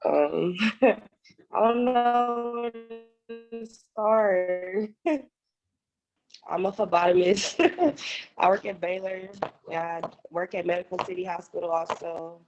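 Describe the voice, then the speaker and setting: A woman's voice: lowish voice, slow pace, pauses often, darkish tone, muffled recording, faint music behind. A young woman, a former student, joins a casual video call and speaks shyly, giggling and unsure of what to say. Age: young adult.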